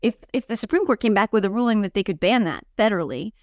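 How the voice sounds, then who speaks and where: A woman co-hosting a casual political chat, talking in an animated, digressive way with many fillers and restarts. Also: medium pitch, fast talker, no echo, studio quality.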